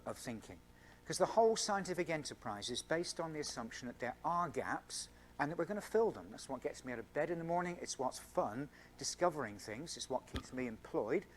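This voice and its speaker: Man, scientist, public lecture, earnest and explanatory, middle-pitched, faint hum behind. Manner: earnest and explanatory, stressing key words with everyday examples. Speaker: scientist giving an evening talk to a student Christian group. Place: university event room.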